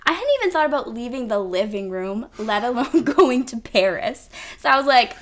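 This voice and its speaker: On her podcast, a woman tells a personal story casually, her chatty speech full of "like" and "um." Her voice is a little high and expressive, brisk with few pauses, and there is slight background noise.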